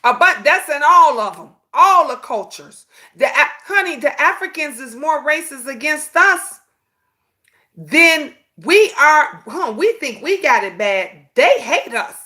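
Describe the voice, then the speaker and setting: Sassy, animated woman host. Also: high-pitched, unhurried. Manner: animated storytelling, sassy, says "honey" often. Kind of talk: casual live-stream chat.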